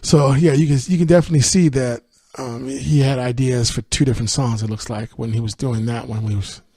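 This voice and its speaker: A man doing a relaxed music-podcast host, walking through an album track by track in an easy, unscripted way. He sounds at a middle pitch and slips into quick asides with a laugh. The sound is dry and close, with no room around it. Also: dry recording. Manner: sings lyric snippets, laughs often, speeds up on asides. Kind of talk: casual album review with sung lyrics.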